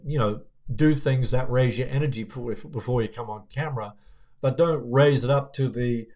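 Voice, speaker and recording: A young man coaching viewers on speaking to camera, talking in a relaxed, conversational way with frequent fillers and restarts. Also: medium pitch. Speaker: video coach. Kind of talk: casual on-camera tutorial.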